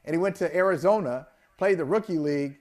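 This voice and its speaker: A man co-hosting a sports talk show, telling animated stories in casual chat and laughing along with them. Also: on the high side, quick pace. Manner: animated storyteller, laughs while telling anecdotes.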